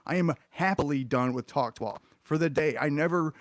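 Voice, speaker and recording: A man's voice: fairly high pitch, normal speed, no room sound. A man streaming a reaction, ranting in an exasperated, sarcastic, profane way about what he watches.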